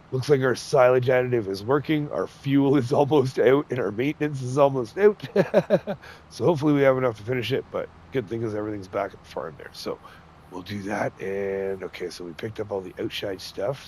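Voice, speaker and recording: A middle-aged man with a head cold talks through a farming game, his voice nasal and stuffed up. He rambles in a relaxed, folksy way, chuckling between thoughts as he narrates what he's doing for his channel. His pitch sits in a mid range for a man. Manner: chatty, folksy, chuckles often. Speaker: gaming channel host. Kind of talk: casual gameplay commentary.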